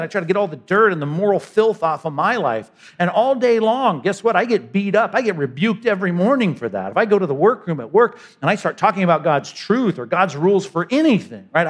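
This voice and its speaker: A man delivers a sermon from the pulpit. His voice sits a little high for a man, and he moves between punchy emphasis and quiet, intimate asides. He often slips into the voices of imagined people. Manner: dynamic preaching, voices imagined speakers, sudden drops to quiet. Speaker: pastor.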